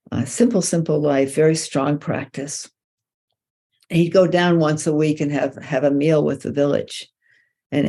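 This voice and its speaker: A woman's voice: sits low, creaky, mellow. A woman Zen teacher giving a dharma talk, retelling a story loosely with many restarts.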